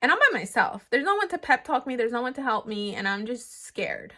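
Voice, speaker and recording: A woman's voice: a little high, brisk. A young woman who grew up in the United States tells a personal story in a vlog, acting out what she thought at each moment. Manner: animated retelling, acting out her own thoughts. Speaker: vlogger.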